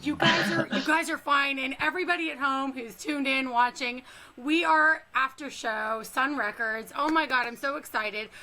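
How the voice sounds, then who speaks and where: Gushing bright-voiced woman host. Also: high-pitched, steady tone, normal speed, poor audio. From California. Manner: gushing, giggly, effusive. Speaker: interview host. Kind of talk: excited fan-style interviewing.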